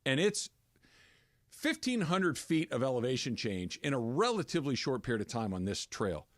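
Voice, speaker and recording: Animated, laughing sports radio man. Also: medium pitch, normal speed, no room sound, clean studio sound. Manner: animated, laughs often, tells stories. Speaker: radio sports show host. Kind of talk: casual sports radio banter.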